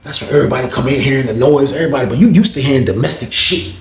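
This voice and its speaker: A man's voice: medium pitch, rapid-fire, a little hiss or hum. A man casually telling a story in slangy, rambling speech. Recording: roomy echo.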